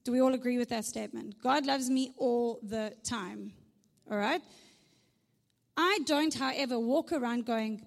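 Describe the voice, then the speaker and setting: Speaking at a moderate pace with a creaky quality, a South African woman preaches to a large church hall where her somewhat high voice reverberates long. Her sermon is conversational and chatty, marked by "right?" and humorous asides.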